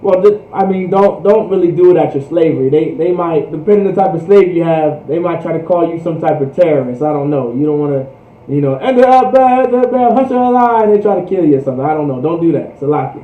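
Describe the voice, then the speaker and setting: Man, high voice, language teacher, slow repeated drills, casual asides, echoey distant lo-fi sound. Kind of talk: livestreamed language lesson.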